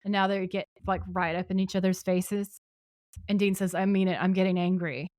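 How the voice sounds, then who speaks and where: A woman's voice: medium pitch, fairly even intonation, moderate pace, a little mellow, dry recording, clean studio sound. A woman co-hosting a podcast, recapping a TV episode in casual chat and retelling scenes at length. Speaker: podcast co-host.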